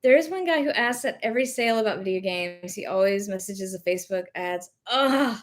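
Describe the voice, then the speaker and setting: Her medium-pitched, expressive voice runs a little fast. She's a young woman from the rural South with a light Southern accent, hosting a livestream as a reseller and chatting casually despite having Covid. She drifts from topic to topic, reading viewer comments and leaning on fillers and self-corrections.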